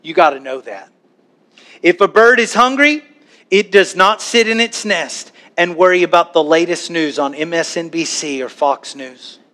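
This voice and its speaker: A man preaching a sermon to a church congregation, animated, now and then acting out worried voices. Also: fairly high pitch, moderate pace. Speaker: pastor.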